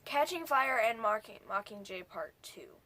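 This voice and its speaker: A woman's voice: on the high side, expressive, moderate pace, sharp tone. A young woman casually recapping a movie for her vlog, rambling and jumping between points with whispered asides. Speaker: movie reviewer.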